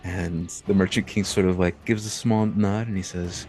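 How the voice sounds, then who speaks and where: Low-voiced guy running a tabletop game, rambly, lots of ums, faint music. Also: fairly even intonation, moderate pace, darkish tone. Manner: loose and rambling, with many fillers. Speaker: game master.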